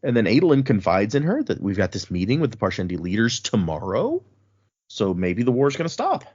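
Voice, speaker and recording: A man with a low, husky voice chats casually as a podcast co-host, animatedly retelling chapters and chuckling along the way. The audio is slightly dull and lo-fi. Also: huge pitch swings, brisk, darkish tone. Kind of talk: casual book-club podcast chat.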